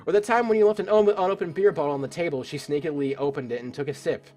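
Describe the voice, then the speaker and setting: A man's voice: a little high, fast talker, darkish tone, voice pushed up, natural voice. A man voicing a playful young woman customer at a bar, reading game dialogue aloud. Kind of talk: let's play voice acting.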